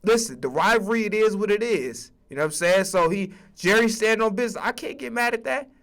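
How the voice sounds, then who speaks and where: A fast-talking man with a high, bright voice rants about football. He's a streamer and sports commentator, emphatic, profane and animated, often stammering and restarting in this casual sports rant.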